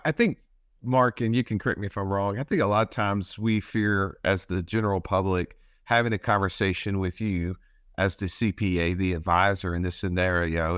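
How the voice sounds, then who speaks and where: A man's voice: sits low, a bit bright, no room sound, clean studio sound. A man co-hosting a podcast, asking the guest earnest, searching questions and thinking aloud. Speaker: podcast co-host.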